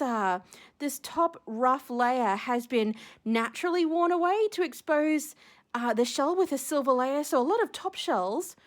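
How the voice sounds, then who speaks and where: A young woman unboxing seashells on her vlog, gushing and giddy, gasping with delight. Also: high voice. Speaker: shell collector unboxing a gift.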